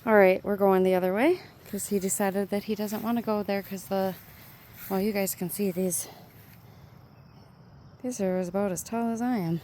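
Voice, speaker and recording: Filming on a handheld phone as she walks through a rural valley by the water, a vlogger chats with her viewers in a casual nature walk vlog. Her voice is warm, medium-pitched and fairly even in intonation. The outdoor recording carries nature noise of rushing water, insects and birds.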